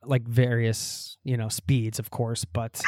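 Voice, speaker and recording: A man's voice: mid-range voice, flat delivery, takes it slowly, mellow, a little hiss or hum. A man hosting a podcast, joking and teasing his guest in casual chat. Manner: playful, teasing. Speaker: podcast host.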